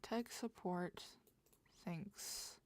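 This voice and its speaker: A woman's voice: fairly low pitch, very slow, a little mellow. A young woman streaming as she writes, talking in a casual, rambling way and often half-whispering her thoughts. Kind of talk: casual livestream chat while writing.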